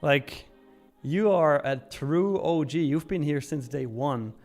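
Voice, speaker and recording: This young Swiss man hosts a live trading stream in a casual way, chatting, reading chat messages aloud and laughing often. His voice is a little high with a darkish tone, he speaks slowly, and faint music plays behind him.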